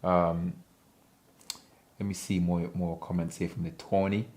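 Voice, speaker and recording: A man's voice: low voice, level tone, a little slow, darkish tone. A man from Africa chatting casually on a livestream, reading viewer comments in a playful, rambling way and laughing often.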